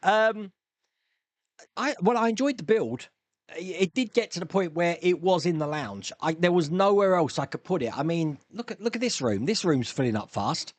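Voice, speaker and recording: Man hosting chatty live-stream Q&A, lively pitch, slightly high voice, dry close sound. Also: normal speed, dry recording. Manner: chatty, rambling, reads viewer comments aloud. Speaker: live stream host answering viewer questions. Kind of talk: casual chat. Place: home hobby room.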